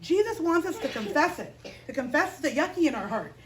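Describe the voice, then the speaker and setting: A woman teaching children's chapel, telling a Bible story in an expressive, playful way and asking the kids questions. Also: high-pitched, a little fast, low-quality recording.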